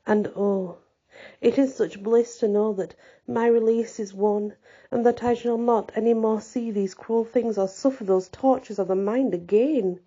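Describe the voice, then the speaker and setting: A young peasant woman soldier speaks with gentle, earnest conviction, as a woman reader voices her. Her tone is mellow and dark with a husky edge. The recording is dull and lo-fi. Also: medium pitch, lightly acted.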